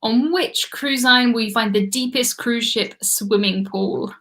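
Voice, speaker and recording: A woman's voice: fairly high pitch, measured pace, fairly bright tone. An English woman hosting a live trivia stream, chatting casually and laughing often as she reads viewer comments.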